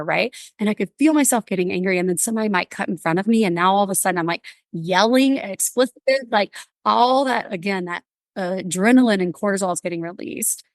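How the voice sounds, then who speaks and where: A woman guest on a podcast, animated and chatty, slipping into playful voices as she retells moments from her life. Her voice sits at an ordinary middle pitch and is recorded close and dry, with no room around it. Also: a little fast, no echo. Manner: animated storyteller, acts out quotes. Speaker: guest, counselor. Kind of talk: casual conversational interview.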